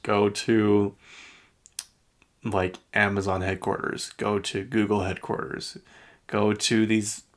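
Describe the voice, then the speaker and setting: Gravelly, low-voiced man ranting casually. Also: a bit bright. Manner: rambling, heavy use of "like" and restarts; opinionated, mildly exasperated. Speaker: podcast host. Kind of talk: casual pop-culture chat.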